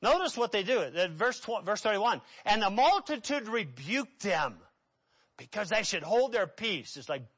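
A man preaching a sermon, acting out voices and swinging between loud dramatic lines and hushed asides. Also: sits high, sing-song, moderate pace, husky.

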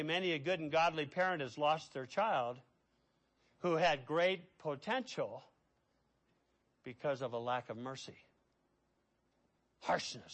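Middle-aged guy preaching, fairly high voice, drops way quiet then gets loud and fired up. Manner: impassioned preaching, swinging between hushed and loud. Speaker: pastor. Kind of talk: sermon.

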